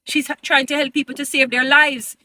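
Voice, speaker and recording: A woman vlogger talks straight to her followers in a high, bright voice. She argues emphatically and pleads with them, sliding into a preachy, sermon-like tone. Her delivery is insistent throughout. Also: flat delivery, brisk. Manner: addresses viewers as "beautiful people". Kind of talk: opinion commentary to camera.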